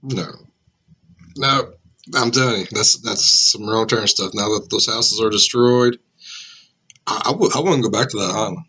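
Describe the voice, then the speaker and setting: A man's voice: fairly low pitch, moderate pace, slightly rough, rough recording. A man giving casual, emphatic comments while reacting to a video. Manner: animated, emphatic asides.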